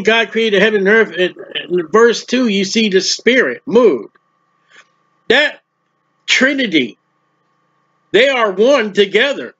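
A man's voice: high-pitched, fairly bright tone, dull audio. A man preaching a sermon, reading scripture aloud and explaining it in a plain-spoken, emphatic way.

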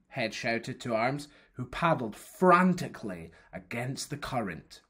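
A storyteller reading a folktale aloud for primary pupils, in a careful, expressive way. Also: mid-range voice, a little slow, few pauses, breathy edge.

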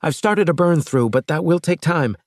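A man voicing a brisk, focused female ship officer in an audiobook, giving quick reports. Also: a little high, expressive, no room sound, clean studio sound, pitched above the performer's own voice. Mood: tense.

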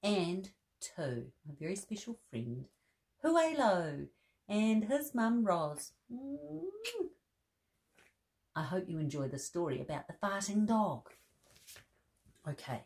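Low, lively woman reading a bedtime story. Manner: playful, chatty, laughing at the pictures. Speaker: children's storyteller.

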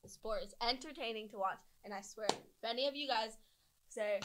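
A woman chatting as a podcast guest with a bright, sharp tone and a fairly high voice. She talks in a playful, over-the-top way, hamming up jokey claims. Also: fairly quick, slight background noise, poor audio. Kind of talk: casual chat.

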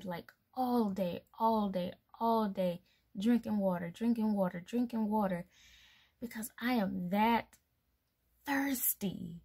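A young woman talks slowly and loosely to her viewers about pregnancy. Her voice has a gravelly, fry-edged texture, and she rambles, filling pauses with "um" and "like" and small laughs. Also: medium pitch, a little mellow. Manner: chatty, rambling, laughs between thoughts, many fillers. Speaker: mom vlogger. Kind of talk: casual pregnancy vlog.

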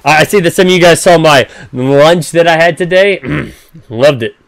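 A man's voice: a little high, normal speed, vocal fry, dry recording, soft background music. A man hosting a casual game live stream, chatty and upbeat, greeting viewers by name and explaining with frequent "um"s. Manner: frequent "um" fillers while explaining.

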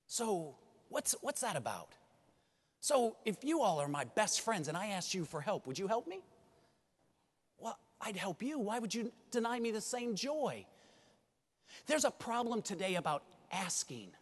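A man giving a motivational keynote speech at a conference, an animated storyteller who addresses the audience directly. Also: high voice, husky. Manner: animated storyteller, acts out dialogue. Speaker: keynote speaker. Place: large conference hall. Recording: reverberant hall.

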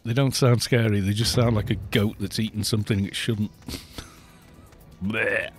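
A man's voice: lowish voice, fairly even intonation, moderate pace, darkish tone, soft background music. A man talks loosely over his gameplay, wandering from story to story. He cracks himself up often and keeps an easy, unscripted chat going into a desk microphone. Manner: rambling and jokey, laughs often. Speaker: gaming streamer. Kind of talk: casual live-stream chat while playing.

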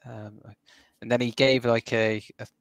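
A man's voice: mid-range voice, little pitch movement, unhurried, no echo. A man co-hosting a gaming podcast, rambling through stories in casual chat and laughing often. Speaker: podcast co-host.

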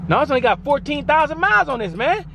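A man's voice: extremely high pitch, sing-song, fast talker, gravelly, noisy background. A man vlogging casually on an outdoor used car lot, reacting to prices with slangy exclamations, filmed on a handheld phone. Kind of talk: casual walk-around vlog.

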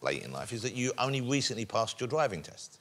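A man's voice: mid-range voice, very animated, quick pace. A man hosting a chat show, teasing his guest playfully. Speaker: talk show host. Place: TV studio with live audience. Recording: loud audience laughter and noise.

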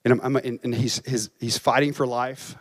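A man's voice: mid-range voice, level tone, normal speed, no room sound. A man, a campus pastor, preaching a chapel sermon and telling a story with emotion, at times crying. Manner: emotional storytelling, voice rising and breaking.

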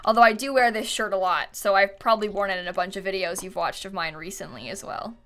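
Bright-voiced young woman streaming casually. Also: medium pitch, fast. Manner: chatty, thanks viewers, frequent laughs and fillers. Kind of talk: casual live-stream chat.

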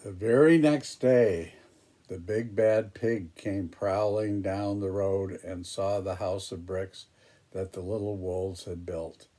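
A man reading a picture book aloud, pausing for chatty, hesitant asides about the pictures. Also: deep voice, steady tone, mellow. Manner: hesitant, with fillers and restarts. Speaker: storybook reader.

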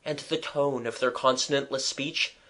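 A man narrating a children's audiobook chapter in a measured, expressive storytelling manner. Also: medium pitch.

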